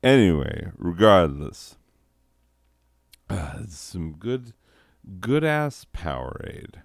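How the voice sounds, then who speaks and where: A man's voice: low voice, big pitch swings, drawn-out words, vocal fry, dry recording, studio quality. A man delivering a crude, rambling comedy monologue, laughing at his own jokes and slipping into silly voices. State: recovering from nausea. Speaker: comedy podcaster.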